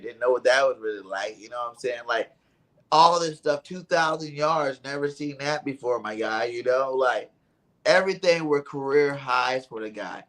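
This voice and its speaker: A man co-hosts a casual sports podcast. He talks in an animated, slangy way, spinning stories about the game. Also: medium pitch, rough recording. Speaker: podcast co-host.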